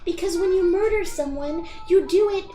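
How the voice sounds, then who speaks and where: A woman's voice: very high voice, normal speed, warm tone. A woman playing a tabletop game, goofy and playful as she riffs on jokes in character. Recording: roomy sound with music behind.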